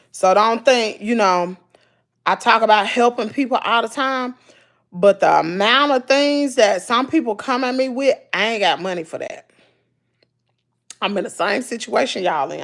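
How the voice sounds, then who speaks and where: Animated Southern woman with a gravelly voice. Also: medium pitch. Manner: animated, folksy and preachy, repeating herself for emphasis. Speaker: YouTuber talking to live chat. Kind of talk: casual livestream chat.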